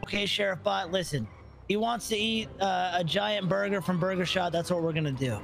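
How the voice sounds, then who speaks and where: A man's voice: sits high, fairly quick, creaky, a bit bright, faint music behind. A man role-playing a police officer in a game, talking in a casual, rambling, laughing way.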